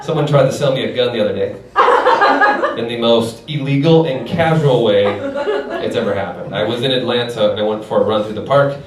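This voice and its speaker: A man's voice: medium pitch, fairly quick. A man performing a stand-up comedy set on a club stage, telling stories animatedly and chuckling through his punchlines. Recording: echoey club from a distance, loud noise.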